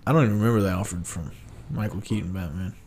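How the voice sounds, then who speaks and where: A man's voice: low voice, fast talker, darkish tone, slight background noise. A man co-hosting a podcast in casual, joking, argumentative banter. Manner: joking, argumentative, slips into movie impressions. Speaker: podcast co-host.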